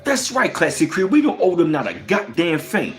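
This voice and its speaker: A man's voice: on the high side, wildly swooping pitch, brisk, soft background music. A man hosting a heated livestream, profane and emphatic, firing off rhetorical questions and reading out viewer comments. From United States. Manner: reads out viewer chat comments. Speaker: livestream host.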